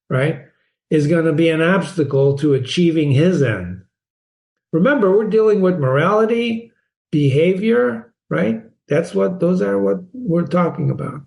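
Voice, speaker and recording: A man's voice: a little high, animated, measured pace, gravelly, a little mellow. A man casually breaking down a short story for students, asking rhetorical questions and reading quoted lines aloud. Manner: chatty, frequent rhetorical "right?". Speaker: literature teacher. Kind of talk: conversational story analysis.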